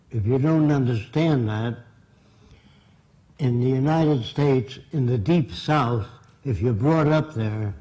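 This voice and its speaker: Blunt older New lecturer. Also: male voice, medium pitch, dark tone, poor audio. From Brooklyn, New York. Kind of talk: public lecture.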